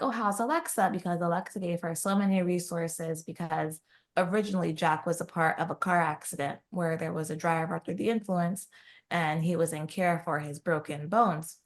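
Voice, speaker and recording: A woman with a fairly low voice recaps a romance novel for her podcast co-host. She talks casually and animatedly, slipping into the characters' voices for quoted lines. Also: fairly even intonation, normal speed. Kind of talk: casual book recap chat.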